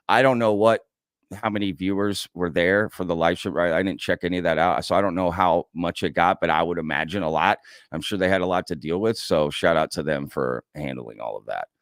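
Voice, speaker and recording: With a low voice and an American accent, the man hosts a relaxed livestream, chatting loosely, reading out comments from his audience and saying "y'all." The studio-quality audio has no echo.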